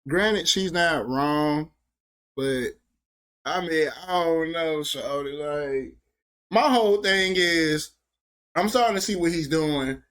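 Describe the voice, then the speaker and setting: Slangy man with a higher voice. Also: takes it slowly, fairly bright tone. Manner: loose, slangy, hesitant. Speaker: reaction show host. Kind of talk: casual reaction commentary.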